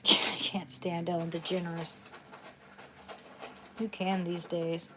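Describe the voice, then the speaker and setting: A woman's voice: lowish voice, level tone, takes it slowly, a bit bright, slight background noise. A young woman live streaming from her bedroom at home, chatting casually into her phone in rambling asides.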